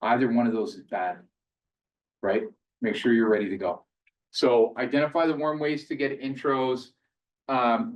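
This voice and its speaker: A man's voice: medium pitch, a little mellow. Guy giving a seminar talk, chatty, lots of "like", sounds a bit far off in an echoey room. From Canada. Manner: chatty storytelling full of "like", acting out both sides of conversations. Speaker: seminar speaker. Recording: roomy hall, mic at a distance.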